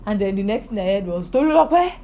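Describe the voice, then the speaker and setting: A woman's voice: medium pitch, level tone, fast. Young woman, personal video diary, faint background noise, muffled phone sound. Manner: emotional, praising God with joy. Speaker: vlogger.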